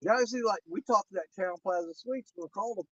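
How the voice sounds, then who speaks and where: High-voiced man telling stories. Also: brisk, no room sound. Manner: animated, indignant storyteller. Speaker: angler co-host. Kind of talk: casual chat. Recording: dull lo-fi recording.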